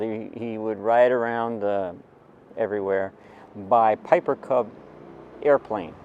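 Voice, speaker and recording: A man's voice: fairly low pitch, darkish tone, dull audio, a little hiss or hum. A man in his seventies telling a personal story in a rambling, digressive way, with asides to the listener.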